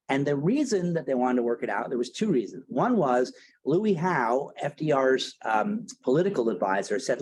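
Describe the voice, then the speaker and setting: A man's voice: mid-range voice, sing-song, moderate pace, darkish tone, rough recording. Chatty, theatrical male history lecturer. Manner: chatty, theatrical, tag questions. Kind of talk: casual storytelling lecture.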